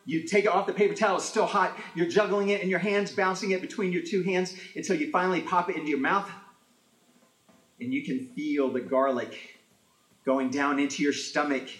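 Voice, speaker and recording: A man from an Italian-American family telling comic stories in an animated way, acting out voices as he goes. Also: on the high side, brisk, roomy sound, rough recording. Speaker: storyteller. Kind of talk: comic storytelling.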